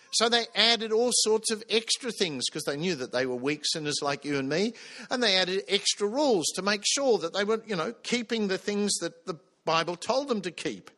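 A man's voice: high voice, pushed and bright. A man preaching a sermon, earnest, putting questions to the congregation.

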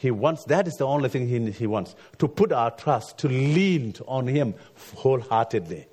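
Halting preacher man, frequent restarts. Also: medium pitch, animated, a little mellow, husky. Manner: halting, repeats words, frequent "you see". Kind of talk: sermon with personal story.

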